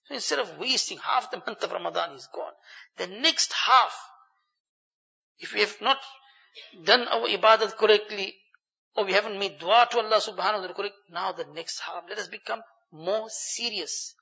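High, bright-voiced male preacher. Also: normal speed, vocal fry, big-room sound, highs cut off. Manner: earnest, repeats phrases for stress, recites Arabic verses. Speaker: Islamic preacher. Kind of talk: Ramadan sermon.

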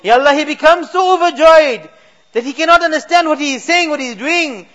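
High-voiced man in impassioned prayer. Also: fairly quick, fairly bright tone. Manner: pleading, repeats invocations, voice swells and drops. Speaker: imam leading a supplication. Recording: dull lo-fi recording.

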